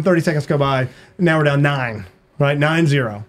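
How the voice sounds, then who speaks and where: Brief: male podcast guest, lively storyteller, fairly high-pitched, keeps saying "right?". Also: a little fast. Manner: animated, hums sound effects; frequent "right?" tag questions. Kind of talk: storytelling in conversation.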